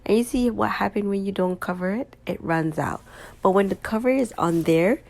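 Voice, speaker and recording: Tired and yawning, a small-business owner who vlogs narrates a craft tutorial in a casual, chatty way, speaking straight to her viewers. She has a medium-pitched, slightly mellow voice with vocal fry, at normal speed.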